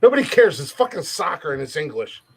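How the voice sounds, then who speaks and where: Comedy podcast host, male, slightly high voice. Profane and loose, riffs on words. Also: very animated, fast talker, breathy edge. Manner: profane, laughs often, repeats words for jokes. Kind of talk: crude comedic banter.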